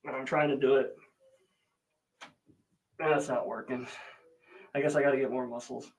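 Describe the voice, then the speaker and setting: A man hosts a casual livestream, rambling through a family story, greeting viewers by name, and filling his chatty storytelling with lots of fillers. His voice is mid-range with fairly even intonation and a moderate pace. The recording quality is low.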